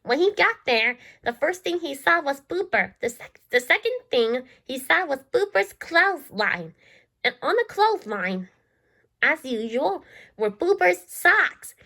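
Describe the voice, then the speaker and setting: Halting woman reading a children's storybook. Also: high-pitched, very animated, pushed and bright. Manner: halting, restarts and repeats words often. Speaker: storybook reader. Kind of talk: reading a children's book aloud.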